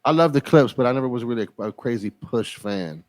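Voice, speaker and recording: A young man co-hosting a podcast in relaxed casual chat, often trailing off quietly. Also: medium pitch, fairly quick, dry recording. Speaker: podcast co-host.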